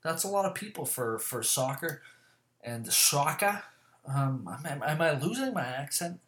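A man's voice: a little high, big pitch swings, measured pace, fairly bright tone. Profane, rambling man in an echoey room. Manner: rambling, profane, fillers and self-corrections. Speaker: vlogger. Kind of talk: casual chat to camera. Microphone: camera mic.

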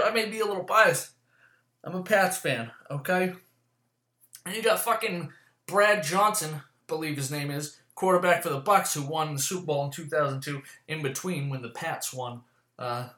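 A man's voice: high-pitched, sharp tone. A man giving an agitated sports rant, swearing constantly and firing off complaints. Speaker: sports commentator. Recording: roomy echo.

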